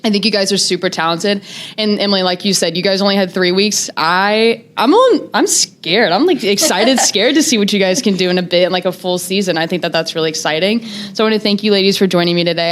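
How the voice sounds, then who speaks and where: A woman's voice: on the low side, steady tone, fast talker, a bit bright. Bubbly young woman hosting an interview. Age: young adult. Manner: bubbly, gushing, frequent "like" fillers. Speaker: student interview host. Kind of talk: casual interview chat.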